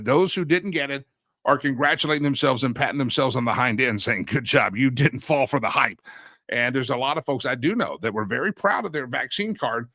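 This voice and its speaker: A man's voice: mid-range voice, pushed and bright, dry recording. A man hosting a talk show, chatting casually in a folksy manner and breaking into a sing-song catchphrase. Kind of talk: casual monologue.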